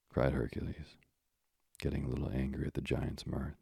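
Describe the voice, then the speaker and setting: A man reading a classic tale aloud as a calm, measured bedtime story narrator. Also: very deep voice, vocal fry, slightly rough, no room sound. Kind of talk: slow, soothing sleep-story reading.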